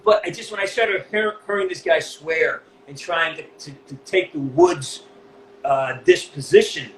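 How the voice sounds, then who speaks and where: A middle-aged man from New England with a Northeastern US accent, speaking as an interview guest, blunt and animated, with a lot of swearing. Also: on the high side, measured pace, roomy sound, slight background noise, rough recording. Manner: blunt, profane, animated storytelling. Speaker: voice actor guest. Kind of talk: candid interview.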